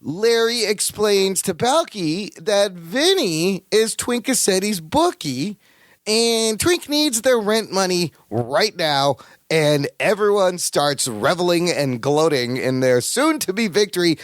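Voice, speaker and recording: Animated man recapping a sitcom. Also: high voice, takes it slowly, no echo, studio quality. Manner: playful, animated storytelling. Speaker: podcast co-host. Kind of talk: casual episode recap.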